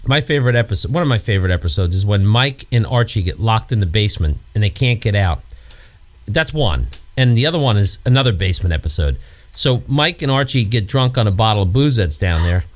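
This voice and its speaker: Lively, rambling man telling stories. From New York area. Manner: rambling storyteller, swears, acts out scenes in high put-on voices. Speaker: podcast co-host. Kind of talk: casual chat.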